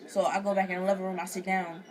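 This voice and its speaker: A woman's voice: mid-range voice, fast, a crowd in the background. A young woman vlogger casually telling a personal story, slangy and profane, acting out what people said. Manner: animated, slangy, profane, acts out quotes.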